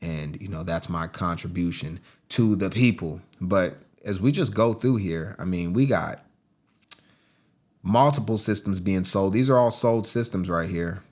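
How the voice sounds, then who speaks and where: A casual man hosting a gaming vlog, his voice sitting on the low side. He chats loosely to his viewers as "team" while going through on-screen listings, breaking into excitable bursts along the way. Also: a little slow. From United States. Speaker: gaming vlogger. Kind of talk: casual screen-recording commentary.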